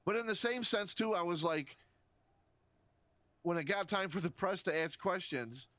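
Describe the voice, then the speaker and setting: A man co-hosting a casual podcast chat, talking in an animated, profane, rambling way full of restarts. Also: high-pitched, normal speed, dry recording, highs cut off. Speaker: podcast co-host.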